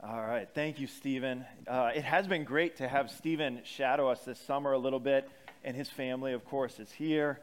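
A man's voice: mid-range voice, fairly even intonation, moderate pace. A male pastor, giving a casual, conversational sermon full of self-deprecating anecdotes.

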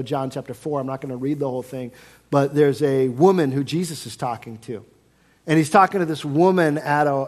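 Guy preaching a sermon, kinda high voice, earnest, repeats his main line a lot. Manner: earnest, conversational, repeats key phrases.

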